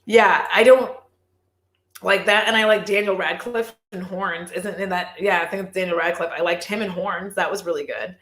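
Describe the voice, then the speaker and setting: A woman vlogger chatting casually on a livestream, animated, swearing and laughing often. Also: on the low side, normal speed, echoey room.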